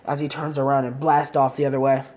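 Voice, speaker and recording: A woman's voice: a bass voice, level tone, fast talker, a little mellow. A woman casually narrating a fan-made story in long, rambling run-on sentences.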